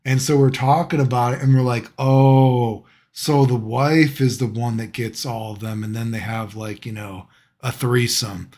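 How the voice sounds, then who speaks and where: Animated young man telling a story. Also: medium pitch, a little slow. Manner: animated, laughs often through his telling, casual swearing. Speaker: streamer. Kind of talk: casual storytelling on a live stream.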